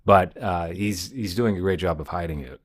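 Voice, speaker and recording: A male podcast co-host talks casually, with a dry, sarcastic sense of humor. His voice is deep and his pace is moderate.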